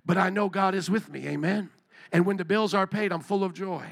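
Male pastor, middle-aged, sermon, high voice, gravelly edge, candid conversational delivery. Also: a little fast. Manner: candid, conversational preaching with rising and falling intensity.

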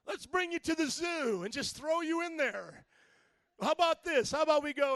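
High-voiced animated male preacher. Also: normal speed, no room sound. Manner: animated, acts out scenes with shouted voices. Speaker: pastor. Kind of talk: sermon.

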